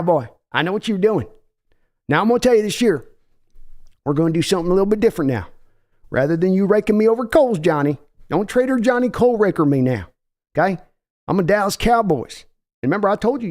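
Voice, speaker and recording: Brash older Texan owner played by a man, put-on drawl, bossy and folksy, pitched up high and lively. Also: creaky, exaggerated voice. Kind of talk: comedic impression skit.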